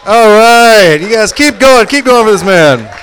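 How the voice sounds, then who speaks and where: A man's voice: high voice, lively intonation, a little slow, fairly bright tone. Male emcee hyping the crowd. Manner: hyping the crowd, slightly fumbling. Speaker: host. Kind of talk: introducing acts. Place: small comedy venue. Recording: distant room mic with crowd noise.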